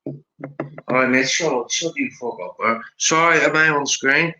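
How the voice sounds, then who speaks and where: A man's voice: mid-range voice, moderate pace, a crowd in the background. A man calling into a livestream, agitated and rambling, stumbling over his words. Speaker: livestream panel guest. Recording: dull lo-fi stream mic.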